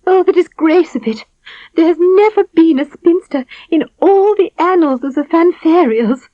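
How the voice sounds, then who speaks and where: A distraught, swooning storybook queen. She speaks very high and slow, as if near tears. The sound is dry and slightly muffled. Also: no echo. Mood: anguished. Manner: high, wailing and tremulous. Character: fretful, fainting middle-aged queen. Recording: dry, slightly dull studio recording.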